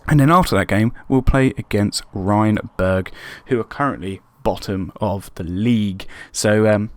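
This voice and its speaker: Excitable man narrating his game. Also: lowish voice, measured pace. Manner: excitable, shouting at players, swings between frustration and resignation. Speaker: gaming channel host. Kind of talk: casual Football Manager let's-play commentary. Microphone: webcam microphone.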